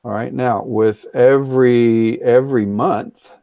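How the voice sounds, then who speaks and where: Slow, gravelly male teacher on a call. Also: mid-range voice, fairly even intonation, dark tone, dry recording. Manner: patient, repeats and explains slowly, mixes in Spanish words. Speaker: ESL teacher. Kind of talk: online class teaching.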